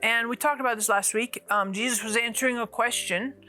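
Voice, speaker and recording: Bright-voiced, chatty woman Bible teacher. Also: a little high, fairly even intonation, a little fast, soft background music. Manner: chatty and joking, with a teasing sarcastic streak; conversational, with frequent restarts while explaining.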